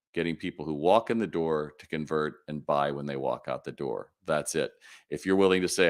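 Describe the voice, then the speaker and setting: A man with a very low, deep voice hosts a live question-and-answer stream. He answers viewers directly and energetically, pushing motivation and acting out quoted customer exchanges. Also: a bit bright. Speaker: retail consultant hosting a live Q&A.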